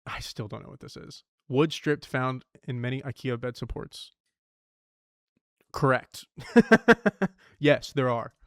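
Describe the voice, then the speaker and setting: A man's voice: mid-range voice, steady tone, a little slow, no echo, studio quality. A young man streaming himself solving word puzzles, thinking aloud, swearing and muttering clues to himself.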